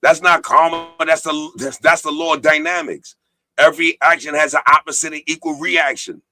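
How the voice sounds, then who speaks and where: A man's voice: a little high, level tone, moderate pace, bright, forceful tone, soft background music. A man hosting a live-stream talk show, preaching profanely and reading viewer comments aloud. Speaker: podcast host.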